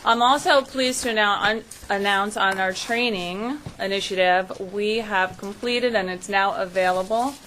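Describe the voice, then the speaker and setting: A woman delivers a businesslike update to a commission meeting, raising her voice so the remote participants can follow. Her voice sits at an ordinary pitch. A faint hiss runs under the room recording. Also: a bit bright, rough recording. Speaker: executive director. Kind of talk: meeting report.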